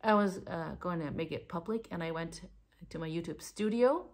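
A middle-aged Danish woman with a slight American tinge to her accent, rambling excitedly in a casual knitting vlog. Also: on the low side, moderate pace. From Denmark. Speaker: knitting vlogger. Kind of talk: casual chat.

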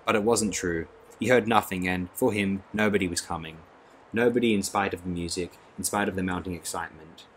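A male audiobook narrator reads a classic novel aloud. His voice sits very low. He reads expressively, letting the prose swell with the scene. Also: brisk, a bit bright, a little hiss or hum. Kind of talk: scripted narration.

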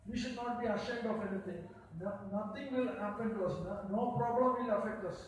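Echoey, distant high-voiced male preacher. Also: slight background noise. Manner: halting, repeats words, many fillers, frequent hallelujahs. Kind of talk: sermon. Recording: echoey room, picked up from a distance.

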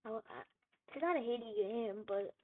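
A woman's voice: fairly high pitch, animated, moderate pace. Frustrated, swearing gamer woman, tinny audio. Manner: frustrated, swears and yells at the game. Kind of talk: gameplay commentary. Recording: tinny phone-like audio with faint noise.

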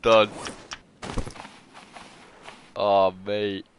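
A young man with a swearing, excitable manner, chatting casually as he plays a game. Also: fairly low pitch, extremely slow, lo-fi sound, slight background noise. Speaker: gamer. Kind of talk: casual let's-play commentary. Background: loud game music.

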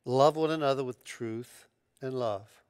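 A man preaching a sermon as pastor, in a conversational, emphatic way, using casual slang and restarting his phrases, rising sharply when excited. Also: medium pitch, a little slow, smooth, no echo, clean studio sound.

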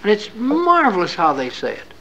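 A man's voice: high voice, wildly swooping pitch, normal speed, bright, forceful tone, highs cut off, slight background noise. A man giving a classroom scripture lecture in an earnest, folksy, conversational way. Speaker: religious lecturer.

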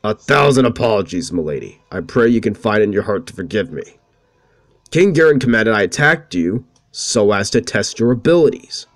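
A man voicing a scheming, burly male axe-wielding soldier, reading the game dialogue aloud in a slow, flat way. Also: fairly low pitch, dry recording, studio quality, lightly acted. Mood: smug.

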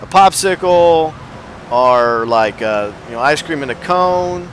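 A man's voice: fairly high pitch, animated, slow pace, a bit bright, a little hiss or hum. A man hosting a let's play, casually and playfully commenting on his game and joking with viewers. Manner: playful, jokey, talks to viewers. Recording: game sound audible behind the voice. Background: game car and city sounds.

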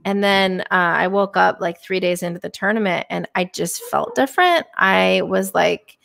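A woman's voice: medium pitch, normal speed, creaky, a bit bright. Candid woman telling a personal story. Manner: candid, emotional storytelling with many fillers and restarts. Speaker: guest, professional bowler. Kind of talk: casual podcast interview storytelling.

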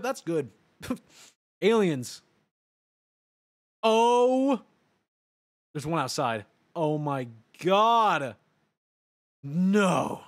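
A man chatting casually on a gaming livestream, excitable, laughing often, swearing and breaking into sudden yelps. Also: mid-range voice, no room sound. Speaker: streamer.

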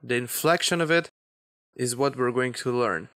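A man giving a beginner language lesson, explaining grammar slowly and deliberately with example phrases. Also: mid-range voice, a bit bright, dry recording, clean studio sound. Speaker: Hebrew teacher.

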